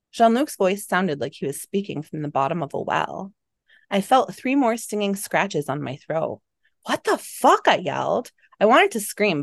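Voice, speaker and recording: A woman author reading aloud from her own novel with an expressive, dramatic delivery. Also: on the low side, vocal fry, no echo, studio quality. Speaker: author and guest.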